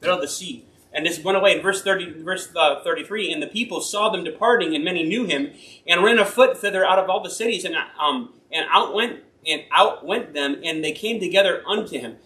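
A man with a notably high voice preaches an informal sermon in an echoing church hall. He reads scripture, then slips into personal stories. His delivery is folksy, earnest and rambling, and he often stops to correct himself. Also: brisk, bright, forceful tone. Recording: roomy echo.

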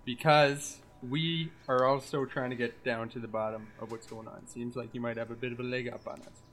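Male player, measured and diplomatic, mid pitch. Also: steady tone, a bit bright, slight background noise. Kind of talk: in-character negotiation.

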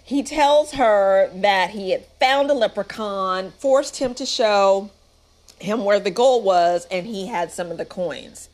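A woman's voice: medium pitch, slow pace, a little mellow. A woman giving a casual, sarcastic and playful recap of a movie. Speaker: movie reviewer.

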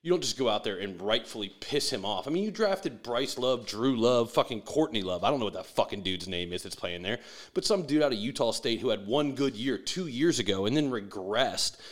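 A man's voice: medium pitch, expressive, fairly quick. A man delivering a profane, sarcastic sports rant with mocking asides.

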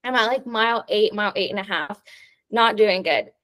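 A woman's voice: medium pitch, normal speed, fairly bright tone. A young adult woman co-hosting a podcast, telling a long story in casual chat, full of "like" fillers. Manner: chatty storytelling, many "like" fillers. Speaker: podcast co-host.

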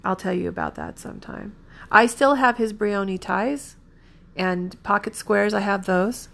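A woman in her fifties with a gravelly, fry-laced voice, telling a personal story. She talks earnestly and emotionally, rambling and doubling back to correct herself. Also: medium pitch, unhurried, a bit bright. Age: 50s. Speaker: vlogger.

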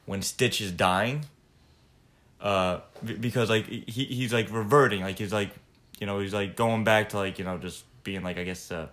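A man chatting casually, retelling a film scene in a rambling, animated way with many fillers. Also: fairly low pitch, moderate pace. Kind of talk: casual chat.

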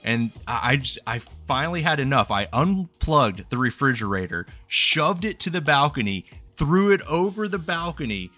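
A man co-hosting a podcast, telling a long joke in a lively, casual way with free swearing. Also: mid-range voice, moderate pace, hardly any pauses, no room sound, soft background music. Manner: animated storytelling, swearing freely. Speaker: podcast co-host.

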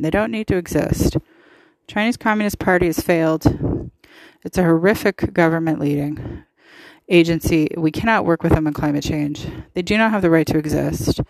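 A woman's voice: fairly low pitch, no echo, poor audio. A woman hosting a podcast, giving impassioned, opinionated political commentary with emphatic repetition. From United States. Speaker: podcast host.

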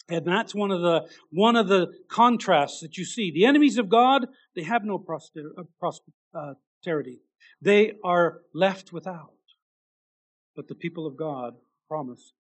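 A man preaching a sermon in an earnest, halting way, restarting phrases and rising into emphatic bursts. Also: a little high, breathy edge.

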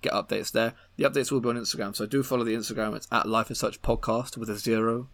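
A man's voice: medium pitch, steady tone, quick pace, a bit bright. A young man, hosting a casual podcast chat and wrapping up the episode. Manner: laid-back, wraps up the show. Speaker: podcast host.

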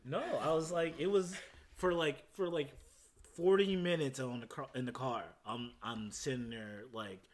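A man's voice: medium pitch, normal speed, slight background noise. A man chatting casually and playfully about a shared story. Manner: laughing, playful, lively. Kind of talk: casual chat.

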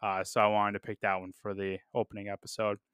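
A man's voice: lowish voice, little pitch movement, fast talker, a bit bright, smooth, dry recording, studio quality. A man hosting a casual movie review podcast, chatting loosely with many fillers and restarts. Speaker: podcast host.

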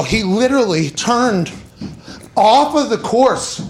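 A man's voice: high-pitched, slow, background noise. A man hosting a sports podcast, telling crude comic stories in a loose, joking way. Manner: animated, crude joking, building comic rants. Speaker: podcast host. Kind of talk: casual sports chat.

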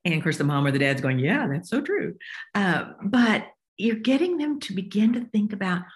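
An older woman, an author talking as a guest in an interview, explaining warmly and acting out voices as she goes. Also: mid-range voice, fairly quick. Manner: expressive, acts out voices while explaining. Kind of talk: interview conversation.

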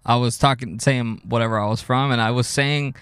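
A young man co-hosting a podcast, animated and quick to laugh and swear as he tells a story. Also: mid-range voice, smooth, no echo, studio quality. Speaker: podcast co-host. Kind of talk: casual chat.

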